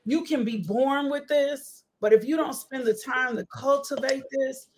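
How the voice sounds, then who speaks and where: A woman hosting a faith podcast, her voice sitting a little high. She speaks in an emphatic, preachy way and repeats key phrases for effect. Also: measured pace, a little mellow. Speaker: host and ministry leader. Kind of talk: casual faith podcast conversation.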